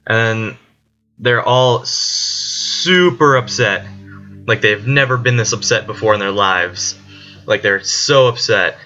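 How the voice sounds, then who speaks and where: A male student gives a casual spoken summary of a book chapter, rambling along with plenty of "like" fillers. His fairly low voice comes out slow, pushed and bright. The recording is dull and lo-fi, with faint music underneath.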